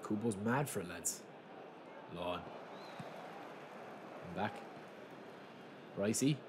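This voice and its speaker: A young man hosting a gaming channel, talking casually through a live match and breaking into loud, excited shouts. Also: lowish voice, slow. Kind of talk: live gameplay commentary. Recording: steady background noise.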